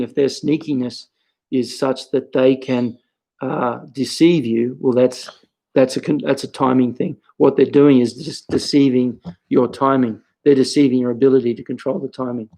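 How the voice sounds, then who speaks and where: Older man, Australian accent, karate instructor, conversational teaching, mid-pitched voice. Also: dark tone, low-quality recording. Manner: conversational, explains with asides and stories. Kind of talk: instructional talk.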